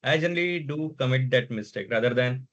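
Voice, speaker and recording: A man whose first language is Marathi asks a question hesitantly, in halting phrases. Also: mid-range voice, a bit bright, dull audio. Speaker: workshop participant.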